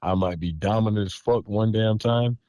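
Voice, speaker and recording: A man's voice: lowish voice, normal speed, dark tone, no room sound. A man hosting a podcast, talking emphatically with lots of repetition and swearing, then closing the show. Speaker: podcast host. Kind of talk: casual podcast chat.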